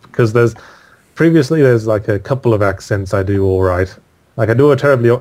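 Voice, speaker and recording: A man from the United Kingdom, an author speaking as a guest in a casual interview, dry and self-deprecating, speaking in quick bursts. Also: on the low side, a little mellow.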